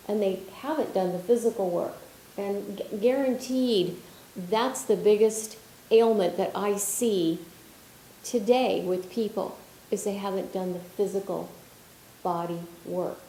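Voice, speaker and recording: A woman leading a spiritual healing workshop, talking in an animated, conversational way with frequent restarts. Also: mid-range voice, unhurried, slight background noise. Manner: animated and expressive, with frequent restarts and filler phrases. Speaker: workshop leader and spiritual healer. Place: conference hall. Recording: roomy conference hall echo.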